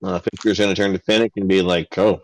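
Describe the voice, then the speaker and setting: A man's voice: low-pitched, level tone, fast talker, rough recording. A man playing a tabletop game, describing his character's actions in a casual, thinking-aloud way. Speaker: player.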